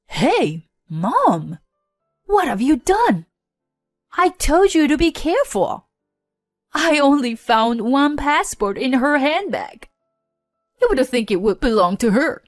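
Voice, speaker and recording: A woman voicing an angry, cheating husband who yells and blames others. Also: on the high side, wildly swooping pitch, unhurried, no echo, faint music behind, heavily acted. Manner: yelling, accusatory.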